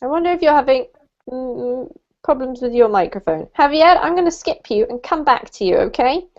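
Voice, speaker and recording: A woman teaching an online English class over a video call, encouraging and slowing down to model words. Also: sits high, lively intonation. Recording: muffled lo-fi call audio.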